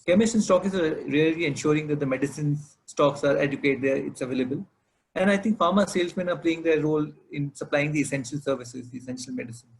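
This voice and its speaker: A man hosting a webinar interview, asking measured, formal questions with fillers. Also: on the high side, creaky, low-quality recording. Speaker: webinar host.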